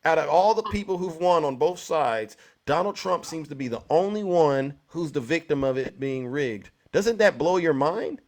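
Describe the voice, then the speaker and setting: Man, talk show host, slightly high voice, pushy, rhetorical, interrupts callers. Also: animated, normal speed, hardly any pauses. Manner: pressing, rhetorical, asks "right?" often. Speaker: host of a live political call-in show. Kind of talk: argumentative debate with a caller.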